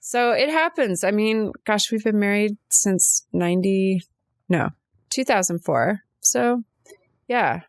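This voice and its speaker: A woman's voice: mid-range voice, expressive, slow, no room sound. A woman co-hosting a podcast, telling a personal story in casual, chatty conversation. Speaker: podcast co-host. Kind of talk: casual chat.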